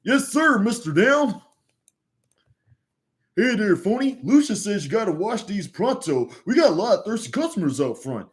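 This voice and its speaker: A man's voice: high-pitched, very animated, moderate pace, pitched above the performer's own voice. A man with a Southern US accent voicing a goofy, eager, dim-witted male cartoon sidekick.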